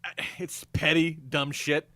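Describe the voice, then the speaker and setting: A man in his forties, a podcast co-host telling animated, profanity-laced stories in casual chat. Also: a little high, a little slow, no echo.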